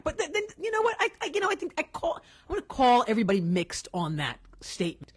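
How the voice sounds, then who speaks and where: A woman co-hosting a casual podcast, telling stories in an animated, emphatic way with many restarts. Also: sits high, quick pace, hardly any pauses, breathy edge. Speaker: podcast co-host. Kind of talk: casual conversational podcast chat. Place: Los Angeles.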